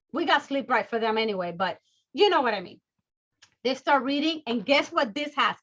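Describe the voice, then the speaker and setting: Bubbly high-voiced woman trainer. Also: muffled recording. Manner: bubbly, excitable, always high energy. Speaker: sales trainer. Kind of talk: energetic training talk.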